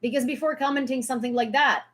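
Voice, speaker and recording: Woman from Ukraine, higher-pitched, sarcastic heated rant on a live stream, swearing. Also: fast talker, a bit bright. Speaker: social media creator.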